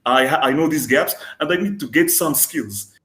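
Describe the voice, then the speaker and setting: A man hosting an interview show, speaking earnestly and encouragingly, with halting phrasing. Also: on the high side, expressive, fairly bright tone. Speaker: host. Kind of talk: casual interview talk. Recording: roomy echo.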